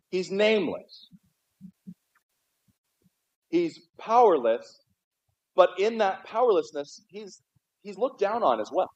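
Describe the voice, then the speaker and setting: A pastor preaches a sermon in a church sanctuary, speaking conversationally and often stumbling over and repeating his words. His voice runs on the high side and is slightly mellow, and the livestream audio sounds dull and muffled.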